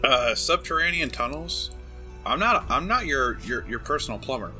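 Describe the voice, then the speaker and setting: A man's voice: mid-range voice, very animated, normal speed, sharp tone, soft background music. A man voicing a rude, mouthy companion fighter in a comedic fan dub of a game, swearing and dismissive. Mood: annoyed.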